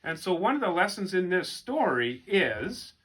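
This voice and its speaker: Man, storyteller, bright voice, animated, expressive children's storytelling. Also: high voice, slight background noise. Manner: animated, expressive, slow emphatic questions.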